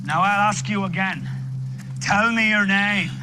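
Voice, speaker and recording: Brief: cruel plantation overseer, harsh repeated commands, slow and high, film score underneath. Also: male voice, background noise. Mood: menacing. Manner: barking repeated harsh orders. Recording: film clip with music score.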